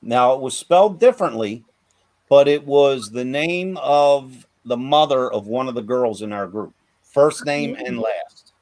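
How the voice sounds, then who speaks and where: A man's voice: mid-range voice, measured pace, a little mellow, dry recording. A man hosting a podcast in casual chat, affirming often and rambling with fillers. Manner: chatty, frequent fillers and affirmations.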